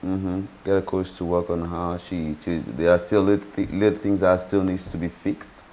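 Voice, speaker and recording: A man's voice: low voice, flat delivery, moderate pace, warm tone. A man talking as a guest in a casual interview, hesitant and often repeating his words. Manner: hesitant, repeats himself while thinking.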